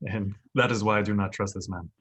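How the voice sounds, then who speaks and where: A man playing a guarded, distrustful adventurer in tabletop role-play, speaking in a low, confiding way. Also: fairly even intonation, fairly quick, lightly acted. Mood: wary. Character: wary, distrustful former carnival man.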